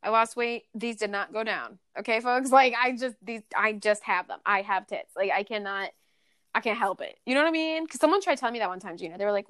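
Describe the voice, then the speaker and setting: A woman's voice: medium pitch, fairly quick, a bit bright, no echo, studio quality. A young adult woman guesting on a podcast, telling a personal story in a candid, profane way, full of "like" and "you know". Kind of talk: casual podcast chat.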